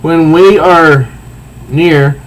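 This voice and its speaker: A proud young warrior villain from a comic states her creed solemnly, as a man reads her part. The delivery is slow, and the voice is slightly raised for a man. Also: on the high side, steady tone, a little hiss or hum, rough recording.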